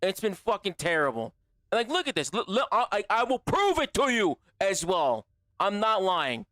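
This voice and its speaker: A young man chatting casually with his stream viewers, animated and profane, full of slang. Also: high voice, normal speed, dry recording. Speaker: gaming livestreamer.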